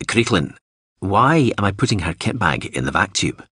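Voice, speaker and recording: An anxious older crewman, voiced by a male narrator, speaking low, quiet and measured. His tone stays deep and husky, and the recording is close and dry. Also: very animated, no room sound, exaggerated voice. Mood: worried.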